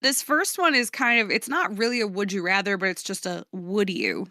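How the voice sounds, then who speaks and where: A woman co-host with a bright, sharp tone at a middle pitch, reading out questions with playful giggles. Her voice is dry and close to the mic. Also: expressive, moderate pace, dry recording. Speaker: podcast co-host. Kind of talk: casual podcast chat.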